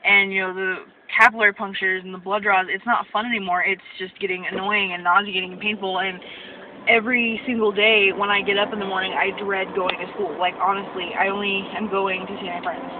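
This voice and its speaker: Speaking briskly and flatly at a medium pitch, this young vlogger vents about her medical assistant course and mimics the people she quotes. Her phone camera gives the clip a tinny sound with background noise.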